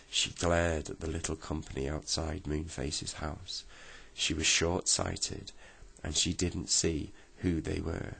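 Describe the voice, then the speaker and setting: A man reads a bedtime story aloud in a very low voice, slow and gentle throughout. His tone is gravelly, with a husky, breathy grain.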